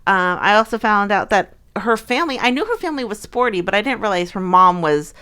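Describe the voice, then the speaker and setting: A woman's voice: medium pitch, animated, a little fast, sharp tone, clear, resonant tone. A young woman co-hosting a casual chat, rambling along with many fillers and restarts. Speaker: co-host of a fan channel.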